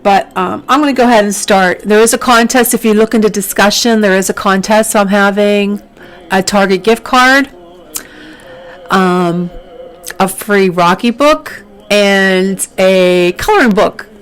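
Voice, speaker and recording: A woman's voice: medium pitch, measured pace, clear, resonant tone, rough recording. A woman author reading her children's book aloud, with chatty asides. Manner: chatty asides, laughs often.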